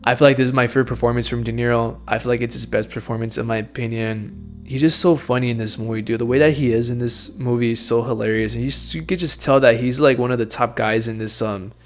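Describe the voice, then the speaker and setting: A young man casually reviewing a film, full of enthusiasm and loose slang. His voice sits at an ordinary middle pitch, with light swearing and constant dude and bro. He talks like he is chatting with a friend. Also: fairly even intonation, fast talker, faint music behind.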